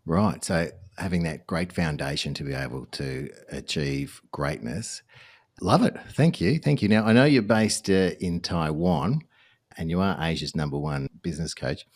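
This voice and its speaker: A man's voice: extremely low pitch, animated, normal speed. A man with an Australian accent, hosting a podcast and chatting easily with restarts. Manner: friendly, chatty, with restarts and fillers. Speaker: podcast host. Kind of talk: podcast interview, casual chat.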